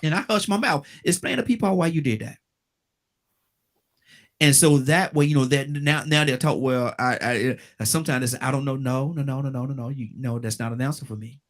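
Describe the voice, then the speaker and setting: An older man hosts a call-in radio show, talking earnestly and circling back over his words. He often drops to a hushed, calm tone to make a point. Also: mid-range voice, brisk, hardly any pauses.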